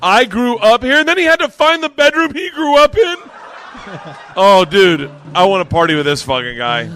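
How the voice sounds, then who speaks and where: Animated, bright-voiced male storyteller. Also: sits high, moderate pace. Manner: animated, laughing storyteller, swears freely. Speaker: panelist on a comedy show. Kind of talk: storytelling banter. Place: comedy club stage.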